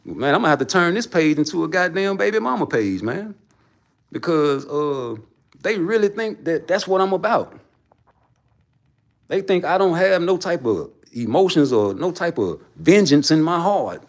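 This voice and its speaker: A man on a livestream, ranting in a profane, preachy way. His voice sits a little high for a man. He jumps from loud bursts to low muttering. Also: sing-song, moderate pace. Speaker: livestream host. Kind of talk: heated casual rant.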